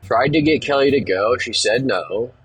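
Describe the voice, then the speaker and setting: Husky man telling a rambling story. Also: mid-range voice, moderate pace, a bit bright, low-quality recording. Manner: rambling, profane, laid-back storyteller. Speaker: podcast host. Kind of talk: casual storytelling monologue.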